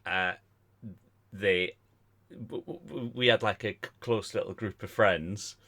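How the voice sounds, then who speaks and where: Low-voiced man telling a story. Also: measured pace, bright, forceful tone. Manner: chatty, stumbling, laughs through his stories. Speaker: podcast co-host. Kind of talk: casual storytelling.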